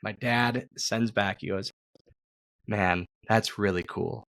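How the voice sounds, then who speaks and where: A man's voice: on the low side, steady tone, slow pace, creaky, a bit bright, no echo, clean studio sound. Casual man telling a story. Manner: rambling, repeats words and swears casually. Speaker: podcast host, former wrestler.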